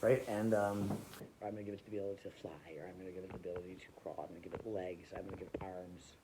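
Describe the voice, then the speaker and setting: Man, comic storyteller, lowish voice, rambling and loose, with a clear hiss of noise behind him. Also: level tone, racing. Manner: loose, rambling, full of fillers and restarts.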